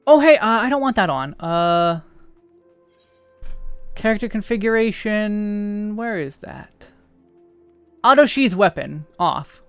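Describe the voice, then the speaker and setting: A man's voice: sits high, expressive, takes it slowly, pauses often, a bit bright, clean tone, no echo, faint music behind. An American man casually chatting and thinking aloud while streaming a game. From United States. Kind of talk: casual livestream chat while playing.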